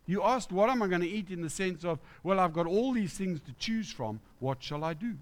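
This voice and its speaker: Lively preaching man, slightly high voice. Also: brisk. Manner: conversational, lively, asks the congregation questions. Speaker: pastor. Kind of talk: sermon. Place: church.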